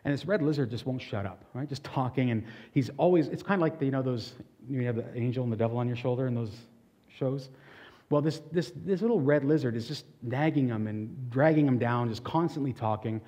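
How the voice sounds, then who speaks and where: Man, pastor, sermon; warm, relaxed voice, earnest and chatty, long hall echo. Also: medium pitch, a little fast. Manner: earnest, conversational preaching with frequent restarts.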